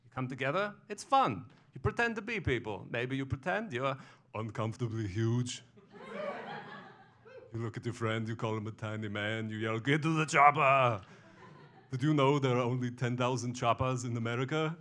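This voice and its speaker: A man's voice: mid-range voice, a bit bright, close to an everyday voice. A man on stage impersonating an eccentric older actor whose speech halts and stresses the wrong words. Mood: bemused. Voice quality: halting cadence with stress in odd places. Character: eccentric older male actor, deadpan and odd. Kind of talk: live stage impression. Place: small comedy venue.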